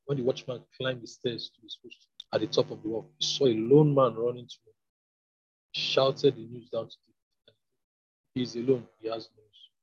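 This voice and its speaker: Male scripture reader, mid-pitched, slightly husky, dull lo-fi sound. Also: steady tone, fairly quick. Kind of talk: Bible reading. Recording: dull lo-fi recording.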